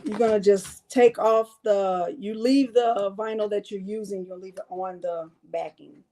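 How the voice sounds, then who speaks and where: A woman's voice: medium pitch, steady tone, measured pace, dark tone. Chatty woman hosting a craft livestream. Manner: chatty, talks straight to viewers; playful, self-mocking. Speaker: crafting channel host. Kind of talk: casual live-stream craft chat.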